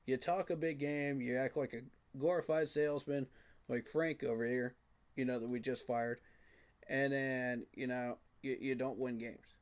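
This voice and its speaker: A man's voice: medium pitch, steady tone, a little slow. A man giving a frustrated, emphatic postgame reaction rant, repeating his points for emphasis. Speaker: sports fan commentator.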